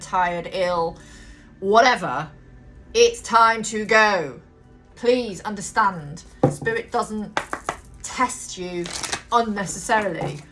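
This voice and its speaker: A woman's voice: mid-range voice, a bit bright. A woman giving a casual tarot reading, talking bluntly, swearing freely and rambling on. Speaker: tarot reader. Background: background music.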